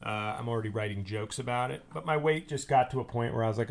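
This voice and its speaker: Talking fast in a creaky, medium-pitched voice, a podcast host rambles through a casual solo monologue. He complains about films with plenty of sarcasm and swearing, and he imitates actors in mocking voices.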